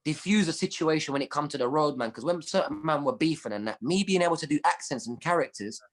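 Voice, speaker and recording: Animated London comedian, slang-heavy storytelling. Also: male voice, a little high, quick pace. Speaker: comedian guest. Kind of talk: casual chat.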